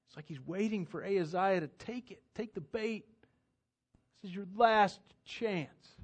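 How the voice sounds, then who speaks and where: A man preaching a sermon, swinging between loud emphatic declarations and hushed, intimate appeals. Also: sits high, unhurried. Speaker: pastor.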